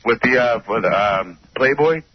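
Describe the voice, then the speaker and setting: A man's voice: medium pitch, lively intonation, moderate pace, crowd noise. Hesitant male radio caller. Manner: chummy then cutting, hesitant. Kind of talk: call-in radio chat. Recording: dull lo-fi phone-in sound with faint noise.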